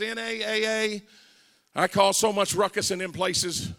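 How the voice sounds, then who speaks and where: An older man preaching a folksy testimony sermon as an evangelist, telling stories and rising into shouted preaching. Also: high-pitched, steady tone, a little slow, gravelly. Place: church sanctuary. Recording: long church hall reverb.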